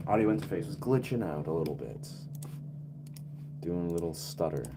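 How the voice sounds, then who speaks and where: A man's voice: low-pitched, expressive, moderate pace, background noise. A man streaming as a music producer, talking casually to himself and his chat while troubleshooting his setup.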